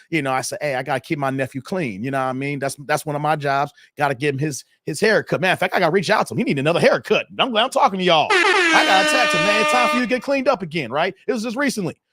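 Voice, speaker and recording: A man tells a story to his viewers in a loose, profane rant. His fairly high voice leaps up and down with lively expression. The sound is close and dry, with no room echo. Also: quick pace. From Chicago, USA. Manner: animated, profane, talks straight to viewers. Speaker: YouTube commentator.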